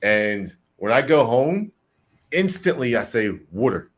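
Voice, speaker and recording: A man from New Jersey co-hosting a casual livestream chat, talking in a rambling, animated way and repeating himself. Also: mid-range voice, takes it slowly. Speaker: co-host.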